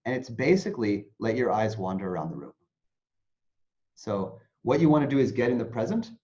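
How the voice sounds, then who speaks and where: A man talking as an interview guest about mindfulness, his pitch swinging up and down with lively expression. He explains things conversationally and slips into little acted-out inner voices. The sound is dull and lo-fi. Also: fairly quick. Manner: animated, acts out anxious inner voices.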